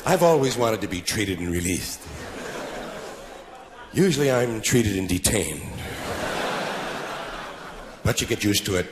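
With long pauses and a measured pace, a forties-aged comedian works a live stage, his fairly low voice showing lively intonation. The routine is sardonic, laced with mock-solemn asides, and recorded noisily before the audience.

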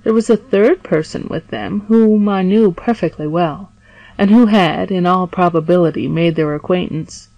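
Earnest young prisoner, woman reading: eager, lowish, dry close sound. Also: moderate pace, mellow, dry recording, highs cut off, lightly acted. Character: young male sailor, wronged and earnest prisoner.

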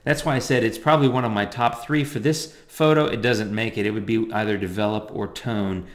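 A man's voice: fairly low pitch, steady tone, brisk, reverberant. A man casually talking through a photo editing tutorial in a loose, chatty way with plenty of fillers and asides. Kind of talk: casual screen-recorded tutorial.

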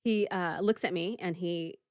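Telling a story a little slowly in her low voice, this woman co-hosts a podcast and chats casually, saying "like" often and performing the voices of the characters. She's an animated storyteller, recorded dry in a clean studio.

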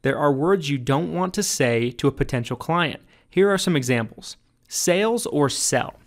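A man narrating his own sales training audiobook, coaching emphatically and jumping up in pitch on key points. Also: animated, normal speed.

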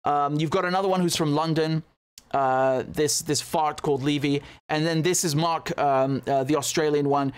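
A man's voice: fairly high pitch, fairly even intonation, normal speed, clean tone. Sarcastic indignant male commentator. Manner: indignant, sarcastic, stumbling restarts. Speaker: commentator reacting to news clips. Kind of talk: casual political commentary.

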